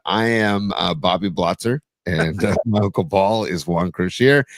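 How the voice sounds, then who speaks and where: A man co-hosting a podcast with a somewhat low voice, easygoing and chatty. He banters with his partner and relays listener requests. The recording is dry and close. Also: creaky, no room sound. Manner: easygoing, laid-back banter, reading out listener comments. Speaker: podcast co-host. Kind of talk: casual chat.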